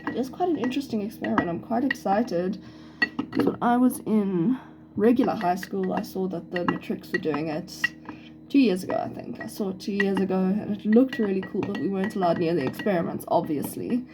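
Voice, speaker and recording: A woman's voice: medium pitch, brisk, noisy background. A young woman with a South African accent, chatting and thinking aloud with little laughs as she narrates a science experiment at home. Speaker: student doing a science experiment. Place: home kitchen. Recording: kitchen clatter of dishes and cutlery audible.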